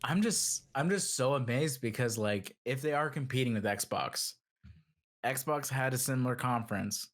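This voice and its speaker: A man's voice: medium pitch, normal speed. A young man co-hosting a gaming podcast in casual chat, rambling with lots of "like" and mocking impressions. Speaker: podcast co-host.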